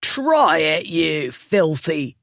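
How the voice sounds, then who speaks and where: A man voicing a coarse drunken male bully who shouts and gasps crude slang. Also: on the high side, sing-song, extremely slow, creaky, dry recording, studio quality, heavily acted. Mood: belligerent.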